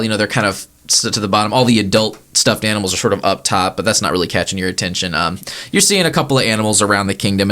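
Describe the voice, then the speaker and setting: A man's voice: lowish voice, pushed and bright. A man narrating a tabletop game as game master, loose and casual with many fillers.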